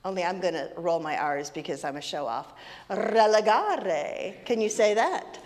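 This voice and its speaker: A woman's voice: sits low, animated, fairly quick, darkish tone. A woman leading a playful children's message in a congregation, teasing and sing-song as she talks with the kids. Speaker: minister leading a children's story time. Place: sanctuary of a congregation. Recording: long hall reverb, faint ambient noise.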